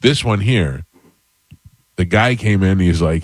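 A man's voice: low-pitched, slow, pauses often, dry recording. A man hosting a chat show, telling a long personal story in a casual, rambling way with self-deprecating jokes. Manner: rambling, animated anecdote with self-deprecating humor. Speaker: podcast host.

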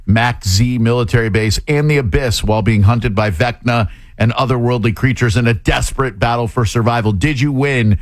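A man's voice: medium pitch, normal speed, no echo. A man hosting casual interviews at a theme park into a handheld mic, joking and rambling with many fillers. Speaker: host.

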